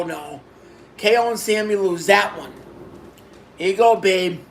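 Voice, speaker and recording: A man giving a casual video review of a wrestling show, excitable, repeating himself and bursting into exclamations. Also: high voice, slight background noise.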